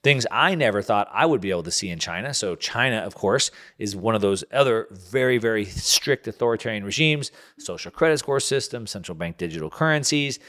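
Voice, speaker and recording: A man's voice: lowish voice, animated, a little fast, few pauses, fairly bright tone. A man hosting a solo commentary podcast, talking in an emphatic way and repeating words as he builds a point. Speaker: podcast host.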